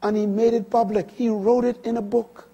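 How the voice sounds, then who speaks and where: A man in his sixties preaching a sermon, swinging from quiet, low stretches to loud, high, emphatic lines. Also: level tone, normal speed, husky. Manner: dramatic swings from quiet to loud, rising pitch on key lines. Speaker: pastor.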